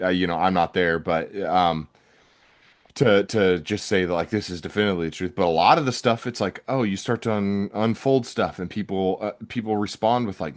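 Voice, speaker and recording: Here a man hosts a podcast in a low, brisk voice. His talk is loose and rambling, full of fillers and frequent restarts.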